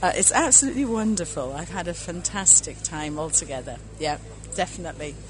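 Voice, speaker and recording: An older woman from Wales with a Welsh accent softened by Scottish years, a visiting spinner, effusive and polite. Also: fairly low pitch, animated, brisk, slight background noise, low-quality recording. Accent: Welsh with Scottish mix.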